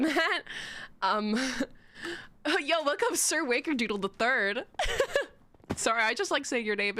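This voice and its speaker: A woman's voice: mid-range voice, fairly bright tone, no room sound. A young woman streaming live, chatting in a rambling, giggly, self-mocking way to her chat.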